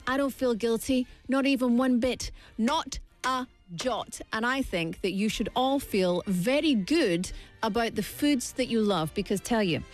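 A woman's voice: a little high, a little slow, faint music behind. A young woman chatting playfully to camera in a vlog, full of jokey asides. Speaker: vlogger. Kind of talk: casual chat to camera.

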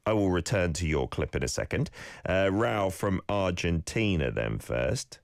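Deep-voiced man hosting a radio lesson. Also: a little slow, no echo, clean studio sound. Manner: lively, encouraging, explains pronunciation. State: slight cold, sneezing. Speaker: radio host and Korean language teacher. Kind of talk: radio lesson with listener clips. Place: studio.

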